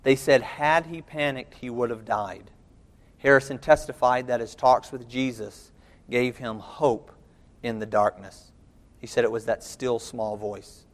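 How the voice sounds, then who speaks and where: A male preacher delivering a sermon with dramatic storytelling, dropping to near hushes and rising to urgent calls. His voice sits at a middle pitch. It carries a long reverb from a large hall. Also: fairly even intonation, a little slow. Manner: dramatic storytelling, swinging between soft and loud.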